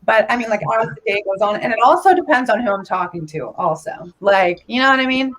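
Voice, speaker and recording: A woman chatting as a guest on a video call, playful, with a stream of "like" and quick asides. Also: mid-range voice, lively intonation, a bit bright, low-quality recording. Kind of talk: casual chat.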